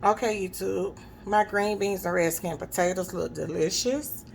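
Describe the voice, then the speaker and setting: A woman with a gravelly, slightly low voice walks viewers through a home-cooked meal. She chats casually and keeps checking in with her audience. Faint kitchen noise sits behind her. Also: normal speed, poor audio. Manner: chatty, addresses viewers, frequent "okay?" check-ins. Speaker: cooking vlogger. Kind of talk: casual cooking demonstration.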